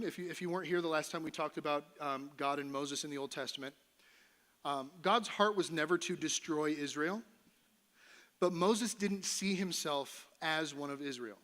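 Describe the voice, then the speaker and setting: A middle-aged male pastor gives a relaxed, conversational sermon in a church sanctuary. His voice sits a little higher than most men's, and he slips into playful voices for the people in his story. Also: moderate pace. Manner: conversational, playful, acts out voices of Moses and God.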